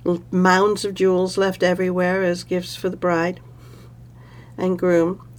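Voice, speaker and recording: A woman telling a myth aloud in a relaxed, conversational way, with pauses and fillers. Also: on the low side. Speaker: storyteller. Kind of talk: oral storytelling.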